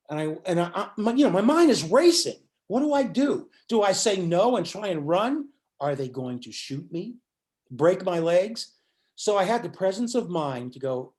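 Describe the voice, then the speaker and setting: With a high voice at normal speed, an older man who plays music spins a tale during an interview. He lively voices the quotes of each character as he goes.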